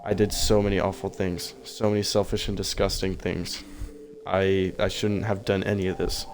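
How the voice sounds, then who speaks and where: A man reading aloud the lines of a desperate, lovesick teenage girl from a game, in a plain, flat voice. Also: low voice, normal speed, a little hiss or hum. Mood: remorseful.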